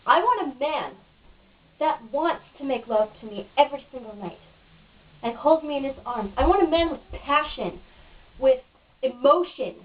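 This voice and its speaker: A woman's voice: sits high, animated, normal speed. A woman being interviewed in a casual home video, talking in a frustrated, cynical rant. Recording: dull lo-fi, mic at a distance.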